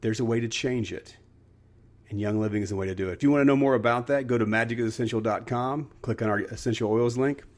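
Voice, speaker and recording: Male podcast host, earnest storytelling, mid-pitched voice, casual motivational talk. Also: quick pace. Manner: earnest, storytelling, frequent restarts.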